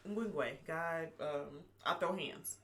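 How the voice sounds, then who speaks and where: A woman co-hosting a podcast, talking in a relaxed conversational way. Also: low-pitched, crowd noise. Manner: relaxed, conversational, quick supportive interjections. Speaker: podcast co-host. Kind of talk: casual chat.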